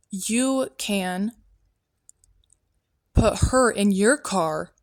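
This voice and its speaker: Female podcast host in a prophet persona, rambling and offhand, mid pitch, dry room. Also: dry recording. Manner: rambling, offhand, full of "um" and "like", tangents. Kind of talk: rambling comedic monologue.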